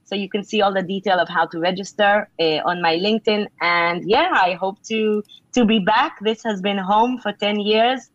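A woman's voice: mid-range voice, moderate pace, hardly any pauses, no echo. Woman, middle-aged, author, earnest, conversational, dull lo-fi sound. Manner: earnest, conversational, many "you know" fillers. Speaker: author and leadership speaker. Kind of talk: interview answers, motivational advice.

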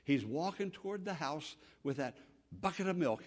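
A man's voice: on the high side, lively intonation, moderate pace. A man preaching a sermon with dramatic, repetitive emphasis, acting out the voices of the people in his story.

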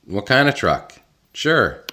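A man's voice: fairly low pitch, very animated, takes it slowly, sharp tone. A man co-hosting a casual chat, joking and laughing easily in a loose, offhand way.

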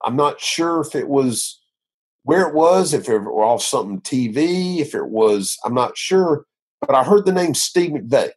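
Husky man telling his testimony. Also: medium pitch, lively intonation, unhurried. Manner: earnest, rambling storytelling with many restarts. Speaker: minister sharing his testimony. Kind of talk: conversational interview.

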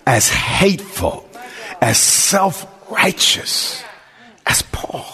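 Impassioned preacher man, lively pitch. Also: extremely slow, big-room sound. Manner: impassioned, repetitive preaching with shouted climaxes. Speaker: pastor. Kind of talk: sermon.

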